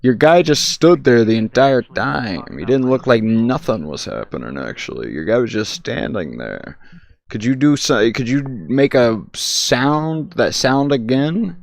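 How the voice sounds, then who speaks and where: A man streaming a social VR game, talking in a profane, teasing and excitable way over a headset mic. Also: mid-range voice, a little slow, creaky, dry recording. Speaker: VRChat streamer. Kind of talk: casual game chat.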